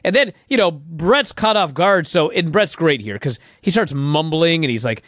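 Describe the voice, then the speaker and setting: A man in his late thirties co-hosting a podcast, telling stories in an animated, profane way and acting out what others said. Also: a little high, moderate pace, no room sound, studio quality. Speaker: podcast co-host. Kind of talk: casual chat.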